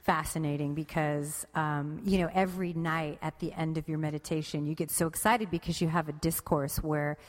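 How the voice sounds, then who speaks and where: A woman's voice: low voice, fairly even intonation, normal speed, hardly any pauses. Chatty, rambling woman in a reverberant space. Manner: rambling, self-correcting, laughing often. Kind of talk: casual conversation about meditation.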